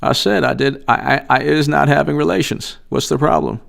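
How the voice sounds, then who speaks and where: A man's voice: fairly high pitch, fairly quick, vocal fry, a bit bright. A man putting on an impression of a folksy older politician, drawling and dodging questions with mangled grammar. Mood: evasive. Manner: drawling, evasive, ungrammatical.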